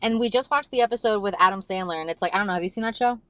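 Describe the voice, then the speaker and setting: A woman's voice: mid-range voice, very fast, a bit bright, dry recording. A woman co-hosting a casual podcast chat, swearing freely and filling her talk with "like". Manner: chatty, swears freely, lots of "like". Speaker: podcast co-host. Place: parked car.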